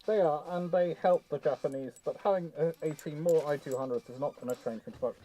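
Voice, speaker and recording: A man's voice: a little high, fairly quick, mellow, no room sound. A man hosting a live history chat, joking in a mock-serious way with his voice muffled by a face mask. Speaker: host of a naval history show.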